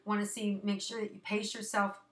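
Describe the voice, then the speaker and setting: Woman, astrology forecaster, bright tone, chatty, reassuring, a bit breathless. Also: medium pitch, little pitch movement, a little fast. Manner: chatty, reassuring, many fillers. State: a little out of breath. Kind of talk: casual monthly astrology forecast.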